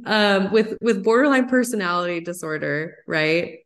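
A woman in her thirties, a psychologist guest on a podcast, explaining ideas in an animated, excited way. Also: mid-range voice, moderate pace. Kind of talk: podcast interview.

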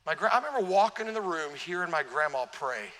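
A man's voice: fairly high pitch, fast. A pastor preaching a sermon in a church, telling humorous stories and questioning his congregation. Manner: animated, humorous storytelling, asks the congregation questions. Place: church sanctuary. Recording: long church reverb.

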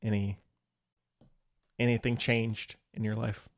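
A man's voice: lowish voice, flat delivery, slow. A man co-hosting a podcast, chatting in an easygoing way and prompting with questions. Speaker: podcast co-host. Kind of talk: casual chat.

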